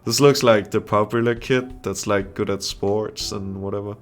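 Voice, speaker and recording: A young man with a fairly low voice reads a visual novel aloud in a casual gaming video. He breaks off often to laugh and to make blunt, profane remarks about the characters. Faint music plays under his voice. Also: steady tone, normal speed. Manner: reads the game text aloud, with frequent laughs and crude asides. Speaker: gamer playing a visual novel. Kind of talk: casual let's-play commentary.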